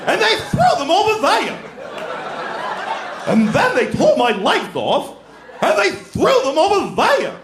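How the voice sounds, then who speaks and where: A man voicing a male scarecrow who wails in a high, drawn-out, theatrical whine, live on stage in a roomy club. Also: wildly swooping pitch, background noise, exaggerated voice. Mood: wailing. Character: over-the-top wailing male scarecrow. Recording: roomy club, crowd laughter.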